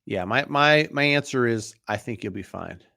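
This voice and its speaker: A man's voice: mid-range voice, normal speed, vocal fry, no echo. Tired, chatty man on a dry mic. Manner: relaxed, chatty, many fillers and restarts. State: tired, yawning. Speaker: mortgage broker hosting a live Q&A. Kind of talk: casual live-stream Q&A.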